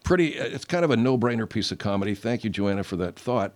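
A middle-aged man hosting a podcast, rambling and profane, clearing his throat often. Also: fairly low pitch, lively intonation, quick pace. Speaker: podcast host. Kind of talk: casual comedic monologue.

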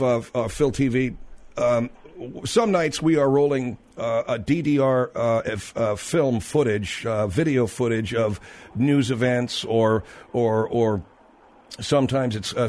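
A man hosting a radio talk show wanders through a loose, rambling story. He stalls and restarts often, in a voice of ordinary middle pitch. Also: a little mellow. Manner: rambling anecdotes, lots of fillers and restarts.

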